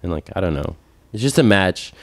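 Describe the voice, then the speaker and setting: A man with a low, gravelly voice talks fairly quickly on a recording with no room sound. Co-hosting a casual podcast, he's an animated storyteller who acts out both sides of conversations in a relaxed storytelling chat.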